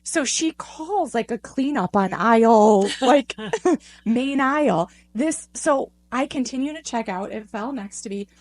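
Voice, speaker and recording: A middle-aged woman co-hosting a podcast in casual chat, telling a story with lively voices for the people in it. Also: unhurried. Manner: animated storytelling, acts out voices with big pitch swings. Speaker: podcast co-host.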